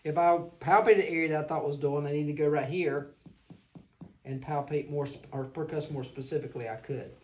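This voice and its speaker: A woman's voice: low-pitched, fairly even intonation, a little fast, darkish tone, slight background noise. Woman teaching an exam hands-on. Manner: explains while demonstrating, checks in with the class. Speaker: clinical instructor.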